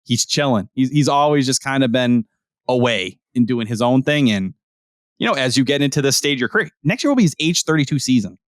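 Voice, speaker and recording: A man co-hosting a podcast, talking sports in casual, profane, animated chat. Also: mid-range voice, no echo, clean studio sound. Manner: animated, profane, rapid-fire opinions. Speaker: podcast co-host.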